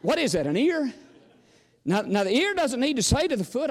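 A man's voice: very high voice, sing-song, normal speed, in a large hall. A man preaching a sermon, folksy and storytelling, sometimes exclamatory and sometimes chatty. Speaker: visiting preacher.

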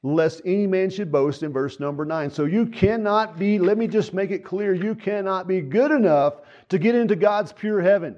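Brief: earnest male pastor, slightly high voice, plain folksy sermon on a dull recording. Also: animated, normal speed, hardly any pauses. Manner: earnest, folksy preaching with frequent fillers. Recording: dull lo-fi sound.

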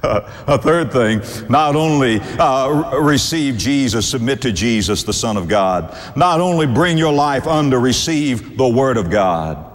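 A man preaching a sermon, fervent and warm to his listeners, swinging from soft asides to loud, high exclamations and chuckling between points. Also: expressive, unhurried, in a large hall.

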